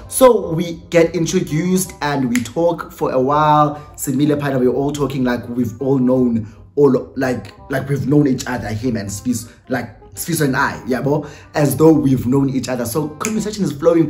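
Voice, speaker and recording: A man's voice: mid-range voice, normal speed, darkish tone, soft background music. A young man from South Africa with an Eastern Cape accent, telling a storytime tale in casual chat and mixing English with Xhosa slang. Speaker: YouTuber.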